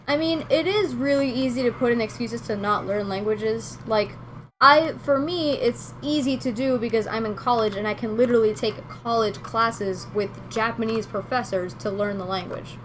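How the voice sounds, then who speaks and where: A woman in her twenties from Venezuela, a game streamer chatting casually and rambling with her viewers, quick to laugh. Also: fairly high pitch, a little hiss or hum.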